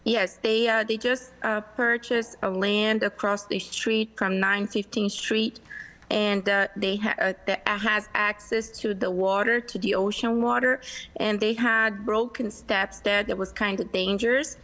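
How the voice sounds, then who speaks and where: A woman's voice: medium pitch, fairly bright tone, low-quality recording. Hesitant woman speaking over a video call. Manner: hesitant, many fillers. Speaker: applicant representative. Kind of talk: testimony at a public hearing. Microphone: remote video call.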